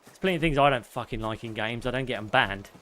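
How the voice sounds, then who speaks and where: A man's voice: medium pitch, fast, pushed and bright, slight background noise. Sweary male streamer ranting. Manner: profane, ranting, chatting with viewers. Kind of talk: live gameplay commentary.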